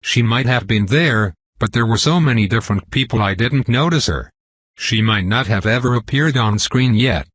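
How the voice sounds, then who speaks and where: A man's voice: mid-range voice, normal speed, a bit bright, no echo. A man narrating a first-person novel as an audiobook, reading steadily and evenly.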